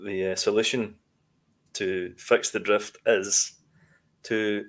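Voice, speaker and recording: A man's voice: fairly low pitch, flat delivery, slow, fairly bright tone. A man co-hosting a podcast, chatting casually and rambling with restarts. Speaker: podcast co-host. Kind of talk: casual chat.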